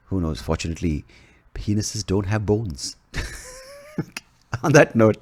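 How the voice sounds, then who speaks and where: A man with a notably low voice hosts a podcast. He rambles loosely from joke to joke, swears freely and laughs a lot. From India. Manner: rambling, profane and jokey, laughs often. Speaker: podcast host. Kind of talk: casual podcast chat.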